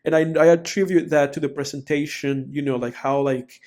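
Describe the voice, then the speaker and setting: Higher-voiced guy rambling about a movie on a podcast, lots of "like" and "you know". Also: fairly quick. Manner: rambling, animated, frequent fillers like "you know". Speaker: podcast co-host. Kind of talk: casual film review chat.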